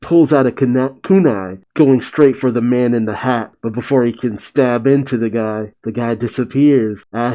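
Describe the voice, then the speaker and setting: A man casually narrating a novel chapter with excited asides and the odd swear. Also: medium pitch, dull audio. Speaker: story reader and reactor.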